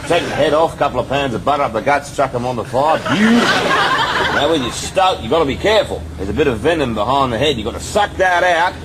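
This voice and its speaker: A man's voice: mid-range voice, animated, fast talker, background noise, close to an everyday voice. A man playing a crude, blunt backpacker with a put-on Australian accent. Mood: boastful. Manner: blunt, boastful.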